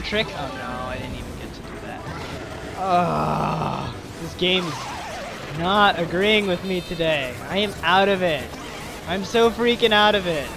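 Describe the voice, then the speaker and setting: A young man doing casual let's play commentary, excitable and yelling at the game. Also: high voice, creaky. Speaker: let's player. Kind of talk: gaming commentary. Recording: faint game music behind.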